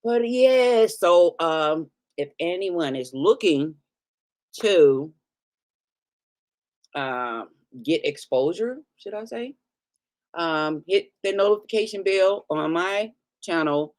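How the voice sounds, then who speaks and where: A woman's voice: on the low side, lively intonation, slow pace, a little mellow. A middle-aged woman vlogging casually while eating, joking often and breaking into laughter, recorded close in a dry room. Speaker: mukbang vlogger.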